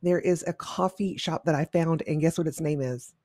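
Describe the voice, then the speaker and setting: A podcast co-host chatting casually, upbeat and quick to laugh, steering the talk through a list of topics. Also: mid-range voice, dark tone, dry recording, studio quality. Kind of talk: unscripted casual chat.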